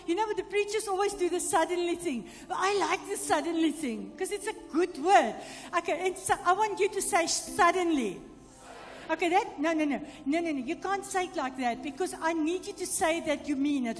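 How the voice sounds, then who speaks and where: Woman preacher, very high voice, interactive sermon, long church reverb with faint music under. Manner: reads scripture aloud and coaxes audience responses.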